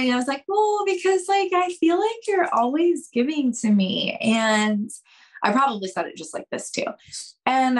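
A young adult woman on a podcast, giving dating advice in an animated, expressive way and acting out quoted conversations. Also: mid-range voice. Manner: expressive, acts out quoted dialogue, addresses listeners as girls. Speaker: podcast guest, dating coach.

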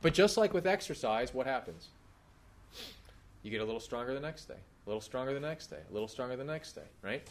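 In a church hall, a pastor in his thirties preaches in a fast, mid-range voice, keeping it conversational and animated while asking the congregation questions. There's a little hiss or hum in the recording.

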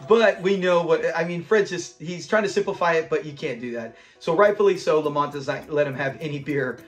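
A man's voice: fairly high pitch, brisk. A young man hosting a classic TV channel, casually and enthusiastically recapping an episode, retelling scenes and laughing along.

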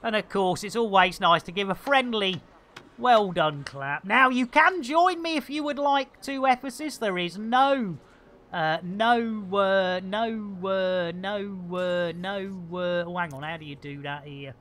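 Bright, jokey woman streaming a game. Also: mid-range voice, unhurried. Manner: chatty, jokey, full of playful slang and muttered asides. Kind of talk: live gameplay commentary.

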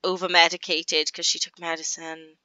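A woman's voice: lowish voice, flat delivery, sharp tone, clean tone, no echo. Chatty woman narrating her game. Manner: chatty, voices her characters in quick asides. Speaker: gaming YouTuber. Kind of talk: casual gameplay commentary.

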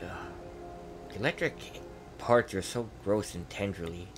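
A man's voice: fairly low pitch, unhurried, over music. A young man giving casual, rambling commentary while playing a video game, thinking aloud and muttering. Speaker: gameplay streamer. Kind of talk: casual let's-play commentary.

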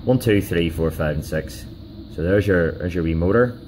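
A man giving a casual hands-on workshop demonstration, talking in a halting way with many fillers and restarts. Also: deep voice, noisy background. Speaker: DIY car repair video host.

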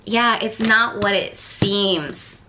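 A woman's voice: mid-range voice, drawn-out words, bright, forceful tone, slight background noise. A woman giving a casual tarot reading to camera, thinking aloud and rambling with lots of fillers and repeated words. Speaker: tarot card reader.

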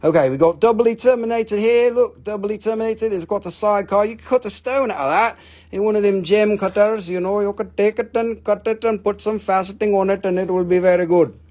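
A man with an Appalachian accent hosts a live mineral sale in loose, rambling, folksy patter, cracking jokes and letting out hoots. His voice sits a little high for a man. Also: fairly quick, a little mellow. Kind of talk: casual live-stream sales patter.

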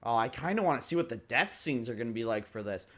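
A man's voice: medium pitch, expressive, quick pace, fairly bright tone. A young man giving casual, joking let's-play commentary, laughing often and mimicking characters. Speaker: gaming commentator.

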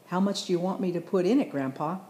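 A woman reading the lines of an earnest, eager young boy in a storybook, in her own low, mellow voice. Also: fast talker, echoey room, slight background noise, natural voice.

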